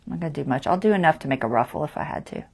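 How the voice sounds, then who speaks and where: A woman's voice: low voice, lively intonation, racing, creaky, darkish tone, husky. A woman hosting a casual craft tutorial livestream, chatty and self-deprecating, talking herself through each step and muttering half-whispered asides.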